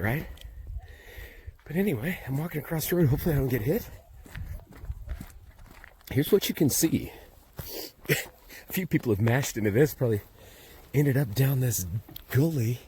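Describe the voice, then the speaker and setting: A man's voice: mid-range voice, animated, measured pace, pauses often, darkish tone. A man narrating a casual travel vlog while walking up a steep road outdoors, thinking aloud and out of breath. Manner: chatty, thinking aloud while hiking uphill. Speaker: travel vlogger. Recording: outdoor ambience and background noise.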